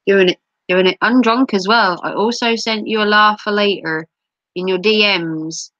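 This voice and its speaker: A woman's voice: medium pitch, moderate pace, fairly bright tone, dry recording, lo-fi sound. A middle-aged woman hosting a casual livestream, teasing viewers and reading their comments, her voice a little sore. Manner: playful, teasing, giggly. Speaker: livestream host. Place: home, streaming.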